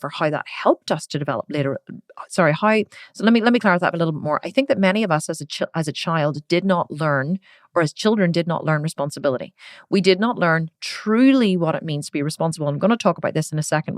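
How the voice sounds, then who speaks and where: Middle-aged woman podcast host, lowish voice, earnest and emotional, dry close sound. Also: no echo. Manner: emotional, earnest, repeats herself for emphasis. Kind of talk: personal reflective monologue.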